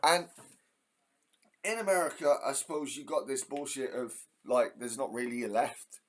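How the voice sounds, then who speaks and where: A man's voice: mid-range voice, normal speed. An English man hosting a heated, profane ranting monologue. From England. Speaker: host.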